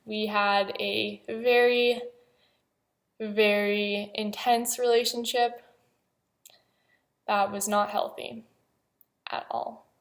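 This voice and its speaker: Young woman, confessional vlog, halting delivery, flat intonation, mid-range pitch. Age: young adult. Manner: halting, hesitant, many pauses and fillers. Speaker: vlogger.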